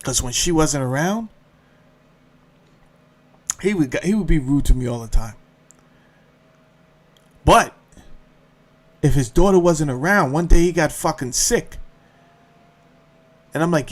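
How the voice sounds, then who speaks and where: A man hosts a podcast and tells a funny story in plenty of profanity. He acts out what people said to him. His pitch sits a little high and swings widely. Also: slow pace, pauses often. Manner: profane, animated, acts out quotes. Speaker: podcast host. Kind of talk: comedic storytelling.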